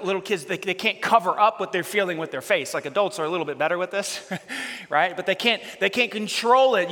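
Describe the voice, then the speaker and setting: A male pastor with a high, bright voice gives a chatty sermon full of questions to his listeners. His words ring out with the long reverb of a church hall. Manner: chatty, asks the audience questions, repeats words as he goes. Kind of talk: casual conversational sermon.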